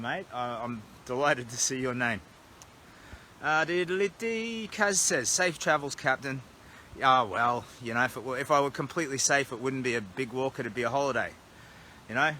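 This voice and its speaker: A man with an Australian accent, livestreaming during a charity walk, rambles and chats self-deprecatingly from outside a roadside motel at night, phone held at arm's length. He has a sharp, medium-pitched voice, and there's a slight hiss or hum.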